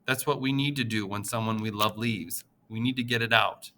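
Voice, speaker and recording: A man's voice: fairly low pitch, fairly even intonation, moderate pace, bright, forceful tone. A man voicing a grieving, tender elderly grandmother who consoles her grandchild. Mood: consoling.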